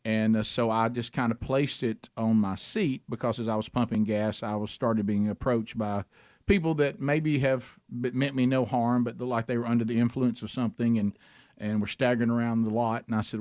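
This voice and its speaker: A man hosting a radio talk show, spinning a folksy story at an everyday pitch. His voice sits close and dry on the mic with no room sound. He chuckles his way through the anecdote. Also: fairly even intonation, moderate pace, a little mellow, no echo. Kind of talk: casual talk show chat. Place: radio studio.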